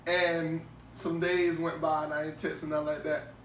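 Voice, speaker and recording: A man co-hosting a podcast in casual chat, an animated storyteller who laughs often and repeats himself. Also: fairly high pitch, moderate pace, slight background noise. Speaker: podcast co-host. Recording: roomy, distant mic.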